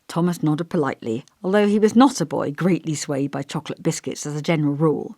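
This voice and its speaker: A woman narrating an audiobook in a measured, expressive storytelling manner. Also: low voice, no room sound, studio quality.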